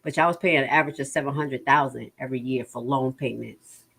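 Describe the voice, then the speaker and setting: A woman's voice: very deep voice, quick pace, vocal fry, fairly bright tone, husky. A woman hosting a casual livestream, bluntly and exasperatedly going over budget figures and reading out viewer comments. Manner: blunt, exasperated, reads chat aloud. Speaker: livestream host.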